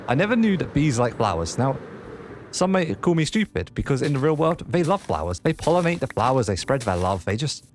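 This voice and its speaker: A man hosting a let's play, giving excitable gameplay commentary and chatting to the animals in the game. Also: mid-range voice.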